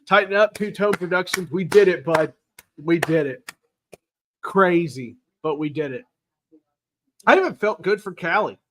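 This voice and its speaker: Excitable man chatting about football. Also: high-pitched, measured pace, pauses often, slight background noise. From Tennessee. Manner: excitable, rambling, reads chat aloud. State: raw throat from cheering. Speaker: podcast host. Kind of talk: casual live-stream sports chat.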